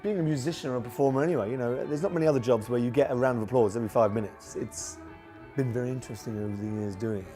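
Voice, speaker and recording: A man in his forties talks about his stage act in a relaxed documentary interview. His voice sits at an ordinary middle pitch. He rambles a little, restarting sentences and filling gaps with ums and you knows. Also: very fast, soft background music. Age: 40s. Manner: chatty, many fillers and restarts. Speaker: tribute act performer.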